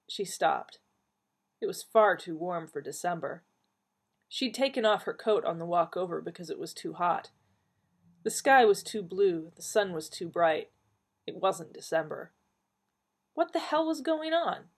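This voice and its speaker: Brief: female audiobook narrator, husky tone, very lively intonation. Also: fairly low pitch. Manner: dramatic, rising with the heroine's alarm.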